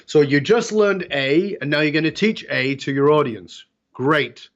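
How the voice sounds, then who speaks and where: A middle-aged man with a fairly high voice talks as an interview guest, emphatic and animated, and he acts out other people's lines as he tells his stories. The audio is dull and lo-fi. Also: measured pace. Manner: emphatic, storytelling, acts out quoted dialogue.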